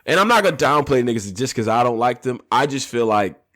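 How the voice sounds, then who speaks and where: A man hosting a casual podcast debate, talking in a laid-back, slangy way, his pitch swinging up and down as he muses. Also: lively intonation, fairly quick, fairly bright tone. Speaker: podcast host and debate moderator.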